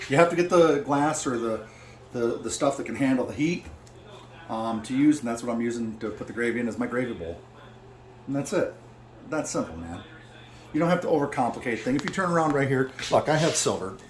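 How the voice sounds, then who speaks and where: A man's voice: mid-range voice, expressive, fairly quick. A middle-aged man cooking in his home kitchen for a casual vlog, talking in a brash, joking, boastful way. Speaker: home cook vlogger.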